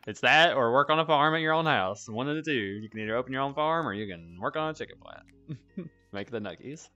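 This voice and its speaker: A man with a Southern accent from North Alabama chats loosely and laughs a lot, his voice bright and forceful. The sound is a bit dull, with faint music underneath. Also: mid-range voice, brisk. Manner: laughs often, animated swings of loudness. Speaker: podcast host, club owner. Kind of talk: casual chat.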